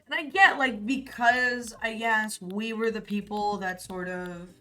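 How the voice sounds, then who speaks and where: Bright-voiced young American woman streamer. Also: medium pitch, measured pace. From United States. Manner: rambling, profane, filler-heavy. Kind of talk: casual live-stream chat. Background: faint music.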